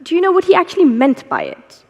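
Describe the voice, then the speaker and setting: A woman's voice: very high-pitched, huge pitch swings, quick pace, highs cut off. Woman moderating a stage interview. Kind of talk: live onstage interview. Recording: reverberant live hall.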